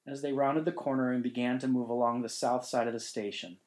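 A man reading a ghost story in measured, suspenseful narration. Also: medium pitch, steady tone, rough recording. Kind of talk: scripted narration.

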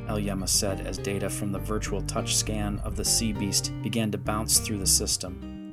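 Low-voiced male audiobook narrator. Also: flat delivery, moderate pace, few pauses, music in the background.

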